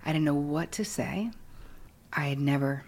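A middle-aged woman speaks in a low, husky voice, retelling her past with frank, self-mocking candor. She is a guest in an interview. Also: normal speed, darkish tone. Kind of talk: candid storytelling.

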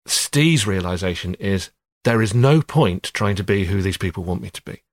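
A middle-aged man, an actor and writer, talking about a film in a relaxed, wry podcast conversation. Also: deep voice, normal speed, dry recording. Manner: thoughtful, wry, quotes film lines.

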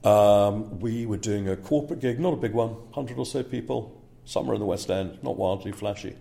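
A man talking casually in an interview about his work as a speaker agent. His voice is low and mellow. He hesitates with fillers and checks in with the listener with a frequent "yeah?". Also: moderate pace, creaky.

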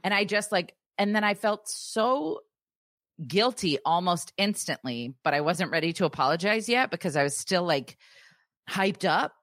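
Low-voiced mom, candid and chatty. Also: female voice, animated, a bit bright, no room sound, clean studio sound. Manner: candid and confessional, quick asides. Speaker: podcast co-host. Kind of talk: casual chat.

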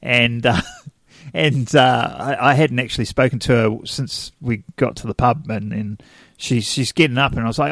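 A man co-hosting a podcast in casual chat, telling stories with animated quoted voices and frequent laughter. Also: medium pitch, moderate pace, vocal fry, no room sound. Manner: animated storyteller, acts out quotes, laughs often. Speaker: podcast co-host.

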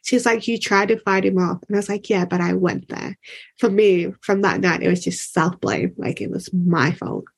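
A woman's voice: mid-range voice, moderate pace, vocal fry, breathy edge. A woman speaking as a podcast guest, telling a personal story in candid conversation and quoting herself and others with "like".

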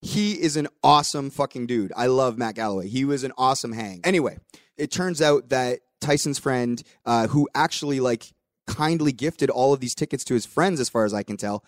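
A man's voice: mid-range voice, moderate pace, no room sound, clean studio sound. A young adult man hosting a podcast, telling a story in casual chat with voiced quotes and the odd swear. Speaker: podcast host.

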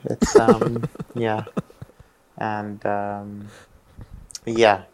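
A man's voice: on the low side, lively intonation, drawn-out words, pitched below the performer's own voice, exaggerated voice. A man playing a taciturn young male racing driver who mumbles fillers and barely answers. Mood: evasive.

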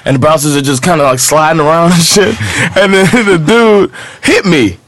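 A man's voice: a little high, normal speed, a bit bright, no room sound. A man on a podcast telling a rowdy story in casual, profane chat, laughing as he goes. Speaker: podcast co-host.

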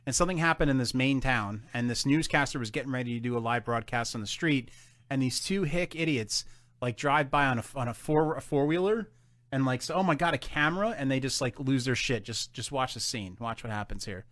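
A man's voice: medium pitch, brisk, a bit bright, dry recording. A man co-hosting a casual podcast, talking loosely and swearing freely as he sets up clips. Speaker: podcast co-host.

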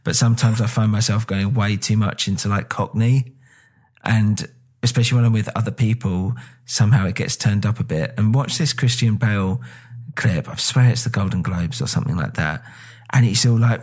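A man's voice: lowish voice, normal speed, a little mellow. A man with a British accent chatting casually on a podcast, rambling with lots of fillers and casual swearing. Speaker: podcast co-host. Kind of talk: casual chat.

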